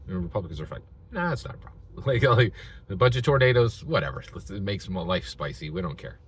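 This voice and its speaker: A man's voice: low-pitched, animated, fast talker, a little hiss or hum. A man giving casual, rambling commentary, acting out quotes in different voices as he tells a story. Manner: rambling with frequent restarts and filler words. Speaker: video commentator.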